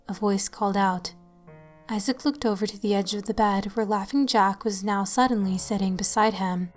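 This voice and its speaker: A woman reads a creepy tale in a steady, scripted narration, her pitch mid-range for a woman. Faint music plays behind her. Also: moderate pace. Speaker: storyteller.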